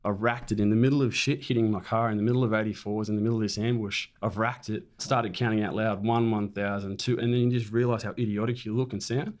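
A man's voice: lowish voice, fairly even intonation, fast talker, few pauses. Blunt man telling a war story. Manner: blunt, swears freely, vivid storytelling. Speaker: military veteran guest. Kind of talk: recounting a combat story in conversation.

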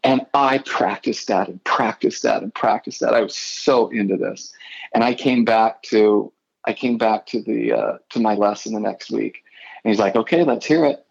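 A man's voice: fairly low pitch, fairly even intonation, normal speed, creaky, slightly rough, dull audio. A middle-aged man from Idaho, a guitarist guest, telling rambling stories in a casual interview and often correcting himself.

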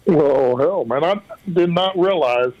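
A man's voice: on the high side, slow pace, darkish tone, dry recording, dull audio. A man calling in to a talk radio show who tells his story in a folksy, rambling way. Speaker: caller. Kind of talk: call-in radio chat.

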